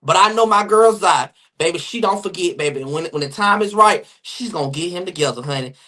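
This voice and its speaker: A man's voice: high-pitched, animated, sharp tone, a little hiss or hum. Brief: man hosting a sassy livestream gossip show, reads the chat with plenty of attitude. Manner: sassy, rapid, swearing, addresses chat viewers. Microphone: phone or webcam mic on livestream.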